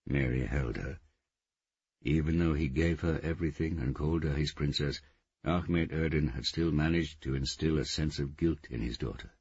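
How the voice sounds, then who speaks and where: A man narrating a novel in steady, measured scripted narration. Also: extremely low pitch, slightly rough, dry recording, dull audio. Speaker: audiobook narrator.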